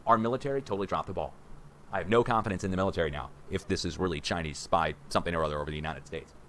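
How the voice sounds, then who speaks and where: A man in his forties hosting a rambling livestream from a room at home, excitable and conspiratorial, talking to viewers as guys. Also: low-pitched, very fast, slight background noise. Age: 40s. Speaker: livestream host.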